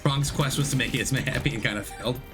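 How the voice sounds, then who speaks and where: A man talks casually through his gameplay, rambling and correcting himself as he chats with viewers. He is still recovering from an illness. Game music plays clearly under his voice. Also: mid-range voice, fast. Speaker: streamer.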